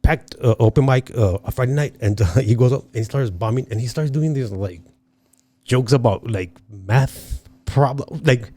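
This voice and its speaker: A man with a middle-range voice tells stories on a casual podcast. He is a guest comedian from El Paso. His telling is animated and profane, with Spanish slipped in here and there. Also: medium pitch, normal speed.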